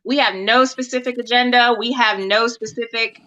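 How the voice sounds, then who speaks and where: A woman hosting a live-stream talk show, lively and chatty, laughing often. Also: fairly high pitch, normal speed, lo-fi sound.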